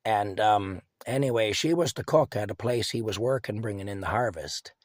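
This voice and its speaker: An older man, telling family stories in a halting, rambling way. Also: fairly low pitch, dry recording. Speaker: vlogger. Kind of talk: casual storytelling.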